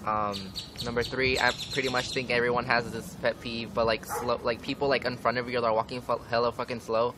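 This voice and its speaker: A young male vlogger rants casually to camera outdoors, with wind and traffic noise around him. His medium-pitched voice stays level as he talks a little fast with few pauses, swearing often and leaning heavily on "like."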